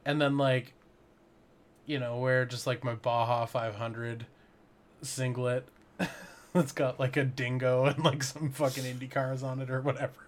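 Man, 30s, podcast co-host, casual chat, joking, mid pitch. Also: level tone, measured pace. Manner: laid-back, joking, trails off quietly.

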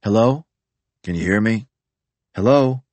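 A man voicing a sweet, casual young woman talking on the phone with a lightly raised, soft voice. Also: fairly low pitch, a little slow, no echo, voice pushed up, lightly acted. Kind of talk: audiobook character voice.

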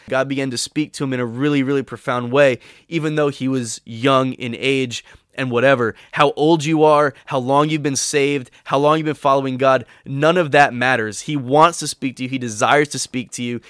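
A man's voice: medium pitch, steady tone, normal speed, fairly bright tone, clear, resonant tone, no echo, clean studio sound. A man giving devotional teaching in an earnest, encouraging way, sometimes acting out the voices he quotes. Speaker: podcast teacher.

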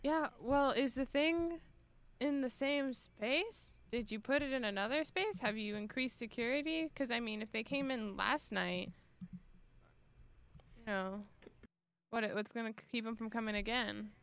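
Chatty woman with a smooth, higher voice. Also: measured pace, a bit bright. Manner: chatty, many "like" fillers. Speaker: player. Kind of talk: casual chat in a tabletop game.

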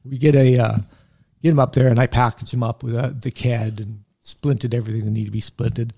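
A middle-aged man with a low, gravelly and husky voice, dark in tone. He tells long work stories in a loose, laid-back way, drifting into asides and chuckling as he goes. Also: little pitch movement, a little fast. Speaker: guest, veteran paramedic and army medic. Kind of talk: casual storytelling.

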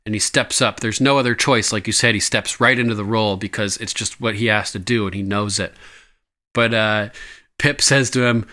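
Bright-voiced, animated man recapping a show. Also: fairly low pitch, a little fast. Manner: animated, laughing, swears freely. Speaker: podcast host. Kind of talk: casual recap chat.

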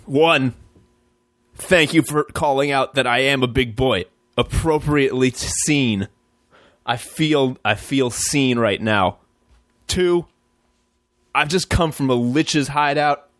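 A man voicing a gruff but soft-hearted male barbarian adventurer who rambles and pleads. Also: mid-range voice, slow, long pauses, no room sound, clean studio sound. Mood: pleading.

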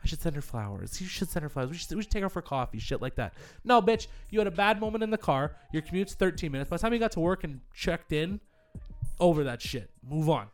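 Man, podcast host, quick and animated, profane casual rant. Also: a little high, faint music behind. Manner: fast, animated, profane ranting with put-on voices. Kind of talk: casual chat.

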